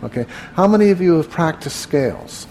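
A man teaching meditation to a live group in a room, relaxed and conversational, often asking the room questions. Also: on the high side, a little fast, slight background noise. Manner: relaxed, asks the audience questions, frequent "uh". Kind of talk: evening talk to a live group.

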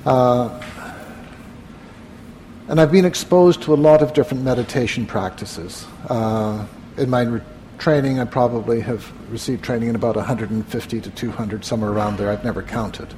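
A man teaching meditation to a live group in a room, relaxed and conversational, often asking the room questions. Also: mid-range voice, normal speed, slight background noise. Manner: relaxed, asks the audience questions, frequent "uh". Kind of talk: evening talk to a live group.

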